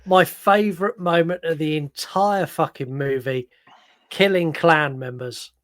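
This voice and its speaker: Casting: male podcast co-host, slightly high voice, dry close sound, eager scene-by-scene recaps. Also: unhurried, dry recording. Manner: enthusiastic, recounts scenes step by step with fillers. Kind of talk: casual film-review chat.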